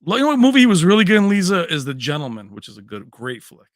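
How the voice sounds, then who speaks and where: A man's voice: sits high, sing-song, fast talker, no room sound, clean studio sound. A man hosting a livestream in casual chat. He rambles, laughs often and answers viewers by name. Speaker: livestream host.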